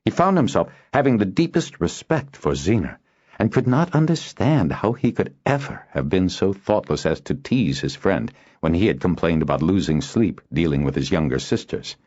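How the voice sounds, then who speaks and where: A man reading an audiobook aloud as narrator, in a steady storytelling delivery. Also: low-pitched, normal speed, muffled recording. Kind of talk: scripted narration.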